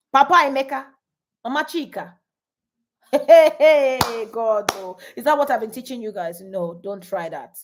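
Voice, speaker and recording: A middle-aged woman, coaching married couples on a live stream, animated, laughing often and reading viewer comments aloud. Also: fairly high pitch, unhurried.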